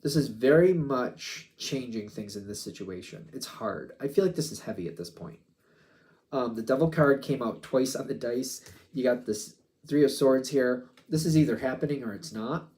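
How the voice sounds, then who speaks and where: A man's voice: mid-range voice, lively intonation, normal speed, darkish tone. A man giving a casual tarot reading, musing aloud and acting out quoted back-and-forths. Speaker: tarot reader.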